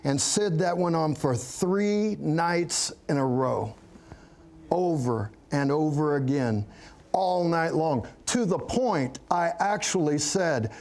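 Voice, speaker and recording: A middle-aged man speaks as a pastor giving his testimony. He takes his time, his voice sitting a little high, and he tells it earnestly, like a story. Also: expressive, takes it slowly, a little mellow. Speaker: pastor, guest. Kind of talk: testimony interview.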